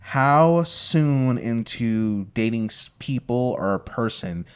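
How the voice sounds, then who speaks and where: A man's voice: medium pitch, lively intonation, slow pace, smooth. A young man hosting a podcast, chatty and playful as he sets up hypothetical scenarios. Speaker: podcast host. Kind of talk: casual podcast chat.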